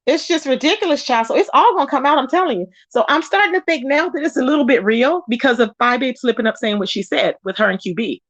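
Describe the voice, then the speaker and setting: A high-voiced woman hosts a casual gossip livestream, chatty and animated as she greets viewers by name. Her voice sounds dull and lo-fi in a dry, close space. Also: fast talker, hardly any pauses, no room sound. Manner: animated, pitch jumps up when excited. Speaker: live-stream gossip host. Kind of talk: casual live-stream chat.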